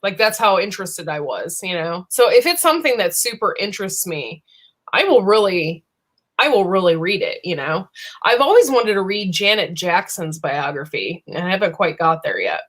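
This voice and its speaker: A woman's voice: on the low side, sing-song, moderate pace, a bit bright. A woman hosting a casual live-stream chat, talking. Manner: chatty, rambling, lots of fillers and 'you know'.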